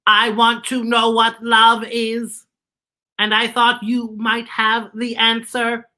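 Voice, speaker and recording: A woman's voice: on the high side, completely flat delivery, takes it slowly, sharp tone, pitched above the performer's own voice. A woman voicing a small, curious young robot on a quest, speaking earnestly and carefully.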